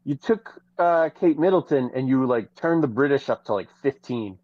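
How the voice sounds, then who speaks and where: A podcast co-host in casual gossip chat, telling stories in an animated, profane way. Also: mid-range voice, a little fast, hardly any pauses, no room sound, phone-quality sound. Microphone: podcast microphone.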